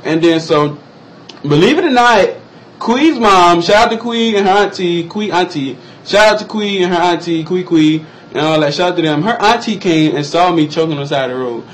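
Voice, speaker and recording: A young man telling a personal story in casual vlog style, animated and acting out other people's lines in exaggerated high voices. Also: moderate pace, low-quality recording. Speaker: vlogger.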